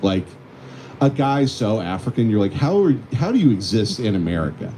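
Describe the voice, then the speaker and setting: Male co-host, animated storyteller, soft dark tone, casual banter. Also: lowish voice, moderate pace, slight background noise. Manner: animated storytelling, acts out quoted voices. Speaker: podcast co-host. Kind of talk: casual comedic chat.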